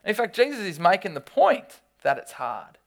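Preacher mid-sermon: reads scripture, then tells stories with lively, dramatic, loud energy. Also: mid-range voice, normal speed, gravelly. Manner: reads scripture aloud between explanations.

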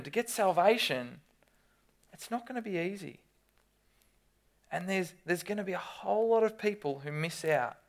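Preacher mid-sermon: reads scripture, then tells stories with lively, dramatic, loud energy. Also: medium pitch. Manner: reads scripture aloud between explanations.

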